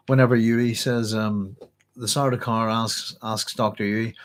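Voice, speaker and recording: Hoarse man chatting about a book. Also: fairly low pitch, fairly even intonation, measured pace, a little hiss or hum. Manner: chatty, rambling, self-correcting. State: hoarse, clearing his throat. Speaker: book club host. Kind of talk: casual book discussion, reading aloud.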